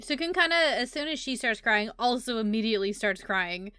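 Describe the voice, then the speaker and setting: A woman's voice: a little high, animated, fairly quick, bright, forceful tone, slight background noise. A woman playing a tabletop game, describing her character's actions in casual chat. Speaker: player.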